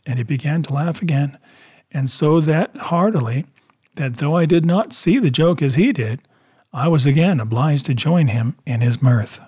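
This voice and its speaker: A man reading a classic adventure novel aloud in a measured storytelling voice. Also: fairly high pitch, lively intonation, a little mellow, breathy edge, no room sound. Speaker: reader. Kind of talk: audiobook narration.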